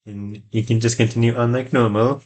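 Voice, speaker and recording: A man giving casual, low-key commentary on a video game as he plays. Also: flat delivery, brisk, darkish tone. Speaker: gameplay channel host.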